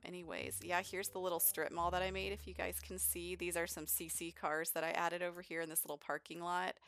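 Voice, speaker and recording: A woman's voice: low voice, fairly bright tone. A woman hosting a let's play, chatting in an upbeat, rambling way. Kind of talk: casual game commentary.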